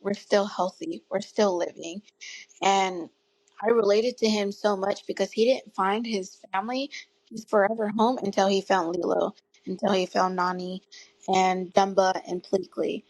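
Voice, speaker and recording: A woman in her thirties telling her story as an interview guest, earnest and tearful at times, with soft laughs. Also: medium pitch, fairly even intonation, normal speed, dry recording, low-quality recording. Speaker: guest parent advocate. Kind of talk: emotional personal storytelling.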